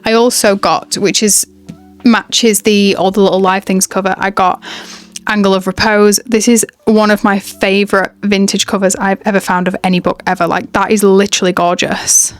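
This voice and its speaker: A woman's voice: mid-range voice, flat delivery, moderate pace, faint music behind. A young woman chatting to camera in a rambling, enthusiastic way, often breaking off mid-sentence. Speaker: book and haul vlogger. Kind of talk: casual chat to camera.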